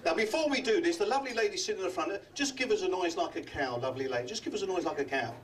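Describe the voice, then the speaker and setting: In a hotel function room, an older London comedy magician works the crowd in a live club act, teasing guests with quick gags. His voice is expressive and sits high for a man, and it's captured from a distance.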